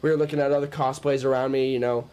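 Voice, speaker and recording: A man of ordinary pitch chats as a guest on a fan show. He tells long, loose stories and leans on "like" and "you know" as he goes. His delivery is informal and friendly. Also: level tone, racing, darkish tone. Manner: rambling storytelling with many filler "like"s. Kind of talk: casual chat.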